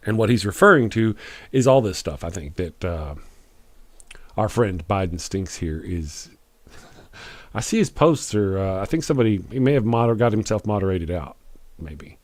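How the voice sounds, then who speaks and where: Animated wry man hosting a live stream. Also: on the low side. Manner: animated, chuckling, wry, quick after lots of coffee. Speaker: live-stream show host. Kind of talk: casual live-stream commentary, reading chat.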